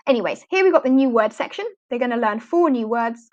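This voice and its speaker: A woman's voice: on the high side, lively intonation, fast talker, a little mellow, dull audio. A woman walking teachers through online lesson slides in a chatty, practical way. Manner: chatty, practical, models prompts for students. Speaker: ESL teacher trainer. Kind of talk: instructional screen walkthrough.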